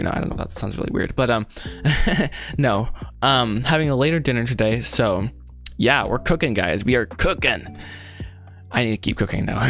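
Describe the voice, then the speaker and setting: A man's voice: mid-range voice, fairly bright tone. A young man chatting casually on a livestream while writing a script, rambling, laughing often and joking at his own expense. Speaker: livestreaming writer.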